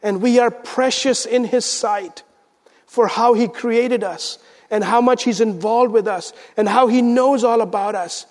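High-voiced preacher in a reverberant church. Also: male voice, a little slow. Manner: dynamic, swings between loud emphasis and hushed intensity. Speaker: pastor. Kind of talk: sermon. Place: church sanctuary. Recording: church sanctuary with long reverb.

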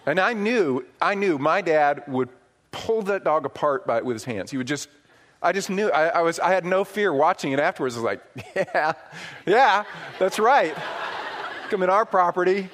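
A middle-aged man from upstate New York preaching a sermon, telling stories with swings from hushed asides to loud, emphatic points. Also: fairly high pitch, animated, brisk. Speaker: pastor.

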